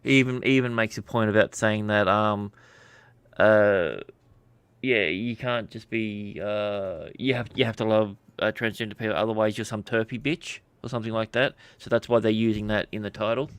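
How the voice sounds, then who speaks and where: A man with a low, smooth voice hosting a casual podcast. He talks hesitantly and keeps restarting his sentences. The sound is dry and close. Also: steady tone, moderate pace, fairly bright tone, dry recording. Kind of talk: casual chat.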